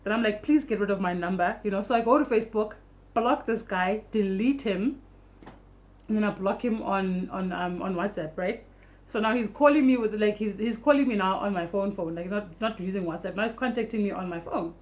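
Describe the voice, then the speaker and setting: Young woman vlogger, rapid animated storytelling, salty language, casual. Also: mid-range voice. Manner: fast, animated storytelling, swears freely.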